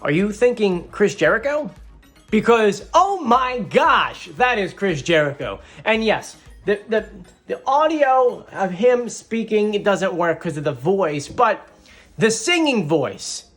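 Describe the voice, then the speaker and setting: A man hosting a casual video, chatting excitedly and a little boastfully to his viewers. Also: sits high, slow, soft background music. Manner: excitable and animated, playfully boastful. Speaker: video host breaking down a TV singing show. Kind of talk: casual chatty commentary to camera.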